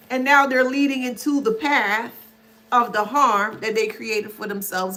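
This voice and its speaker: High, laughing woman tarot reader. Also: measured pace. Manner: laughs often, animated, calls the listener baby. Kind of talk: casual spiritual reading vlog.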